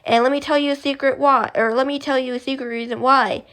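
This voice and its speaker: A woman's voice: high-pitched, fairly even intonation, quick pace, fairly bright tone. A young woman vlogger chatting casually, rambling and correcting herself with small giggles. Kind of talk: casual chat.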